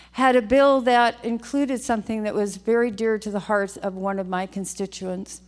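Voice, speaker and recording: An older woman, a state legislator, giving a heartfelt, emotional farewell speech on the chamber floor, often repeating her phrases. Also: medium pitch. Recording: long hall reverb.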